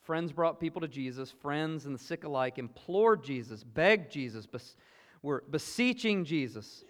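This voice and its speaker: A man with a Southern US accent preaching a sermon, earnest and emphatic, moving between loud exclamations and hushed asides. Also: a little high, animated, a little slow. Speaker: pastor. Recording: long hall reverb.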